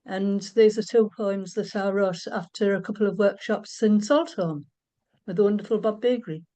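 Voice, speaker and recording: A woman from Middlesbrough, reading her nature poem calmly and steadily. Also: medium pitch, normal speed. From Middlesbrough, England. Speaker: poet. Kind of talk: poetry reading.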